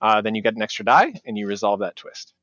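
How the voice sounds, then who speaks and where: A man's voice: lowish voice, big pitch swings, fast, fairly bright tone, no room sound. Man, game master, explaining rules, dry close sound, slightly dull. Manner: explanatory, with fillers.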